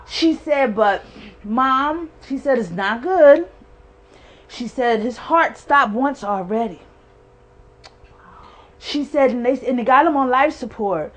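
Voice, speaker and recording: A woman's voice: on the high side, lively intonation, takes it slowly, long pauses. A woman in her forties giving a heartfelt personal testimony, earnest and emphatic, acting out what people said. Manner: earnest, emphatic storyteller who acts out quoted speech. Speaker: guest sharing a personal testimony.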